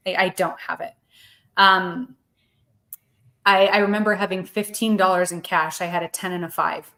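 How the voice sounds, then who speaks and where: A woman's voice: lowish voice, steady tone, moderate pace, fairly bright tone. Emotional woman telling a personal story. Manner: earnest, heartfelt, with frequent word repeats. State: emotional, close to tears. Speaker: podcast guest.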